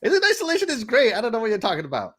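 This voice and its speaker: A man's voice: very high-pitched, wildly swooping pitch, rapid-fire, fairly bright tone, slightly rough. A middle-aged man from Texas hosting a casual gaming podcast, rambling and laughing as he reads out viewer comments. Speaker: podcast host.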